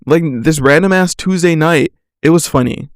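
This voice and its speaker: A man's voice: on the high side, moderate pace, no echo, clean studio sound. A man hosting his own podcast alone, rambling casually with jokes and lots of fillers. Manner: rambling, joking, self-mocking, full of "like". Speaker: podcast host. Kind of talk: casual solo podcast chat.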